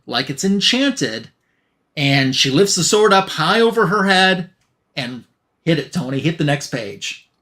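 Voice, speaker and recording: A man hosting a podcast, recapping a comic in an animated, casual way and acting out the dialogue. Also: on the high side. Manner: animated storytelling, acts out dialogue. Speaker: podcast host.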